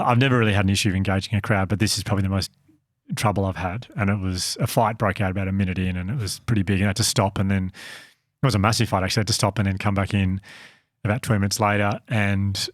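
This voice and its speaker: A man's voice: on the low side, no echo, studio quality. A man co-hosting a podcast, telling a story about his work in an earnest, self-deprecating way. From Australia. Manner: earnest, self-deprecating, laughs at own slips. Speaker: podcast co-host and company founder. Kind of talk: casual storytelling chat.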